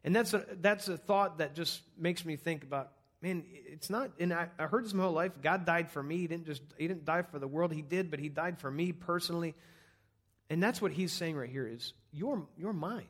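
A man's voice: on the high side, moderate pace, a bit bright, husky. A man preaching an earnest, conversational sermon, walking through numbered points on a scripture passage. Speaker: pastor.

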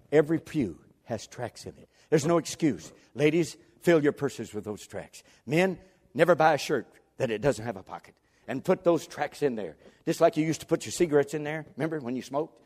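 A man preaching a fervent sermon as pastor, swinging from near-shouts down to low, quiet lines. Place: church sanctuary. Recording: long hall reverb.

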